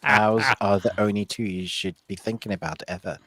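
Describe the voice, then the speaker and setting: A man's voice: on the low side, steady tone, fairly quick, fairly bright tone, no echo. A man co-hosting a casual movie review podcast, blunt and opinionated with a wry edge. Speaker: podcast co-host. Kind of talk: casual chat.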